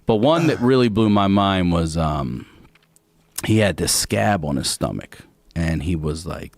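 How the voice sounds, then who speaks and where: A man from Baltimore spins a comic story in a studio chat, his low voice rising and falling a lot as he acts out the people in it. The sound is dry and close to the mic. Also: unhurried, creaky, no echo. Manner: animated, acts out voices and sings bits. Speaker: comedian guest.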